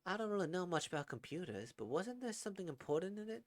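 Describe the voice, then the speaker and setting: Gentle motherly woman, soft, raised voice, unhurried and fond as voiced by a man. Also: high-pitched, very animated, dry recording, pitched above the performer's own voice.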